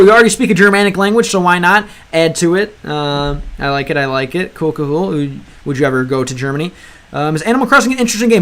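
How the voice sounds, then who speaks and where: Halting streamer man, slightly high voice. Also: fairly bright tone. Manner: halting, fills gaps with many ums and uhs; slips between English and learner Russian. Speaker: livestream host reading chat. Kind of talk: casual livestream chat.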